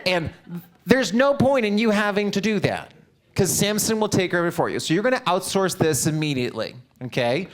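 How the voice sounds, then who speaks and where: A man presenting a live business seminar, coaching the audience directly and often asking quick check-in questions. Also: a little high, fairly bright tone. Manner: direct, coaching, upbeat delivery. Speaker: real estate seminar presenter.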